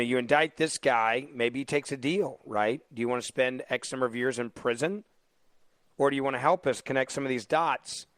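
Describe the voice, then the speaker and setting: A man hosting a talk radio show as fill-in, mocking and animated, taking callers. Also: mid-range voice, clean tone, dry recording. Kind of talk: opinionated talk radio monologue. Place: radio studio. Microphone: studio microphone.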